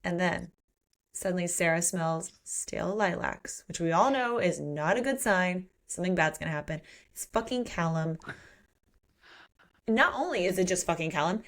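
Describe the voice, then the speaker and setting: A woman co-hosting a book podcast, retelling the plot in casual chat and acting out the characters' lines. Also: medium pitch. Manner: animated retelling with acted-out quotes and swearing. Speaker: podcast co-host.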